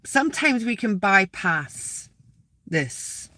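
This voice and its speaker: Bright-voiced spiritual vlogger, talking outdoors. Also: medium pitch, sing-song, slow, dry recording. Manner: rambling, repeats words, asks viewers directly. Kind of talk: casual spiritual talk to viewers. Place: outdoors, sitting in a graveyard.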